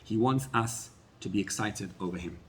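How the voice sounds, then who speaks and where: Man, rabbi, sermon, emphatic peaks, quiet asides. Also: fairly low pitch, normal speed, slight background noise. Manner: animated preacher, rising to loud emphatic peaks then dropping to quiet asides.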